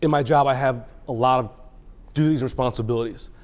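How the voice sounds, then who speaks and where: In a courtroom, a judge tells students an emotional story in a medium-pitched voice, talking fast. At times he grows quiet and choked up, at other times loud and excited.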